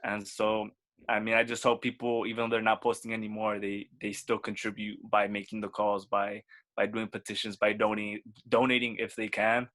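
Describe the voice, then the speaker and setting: A man's voice: on the low side, completely flat delivery, fairly quick, fairly bright tone. A man in his twenties co-hosting a podcast, laid-back and a little hesitant, often repeating words in casual chat. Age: 20s. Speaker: podcast co-host.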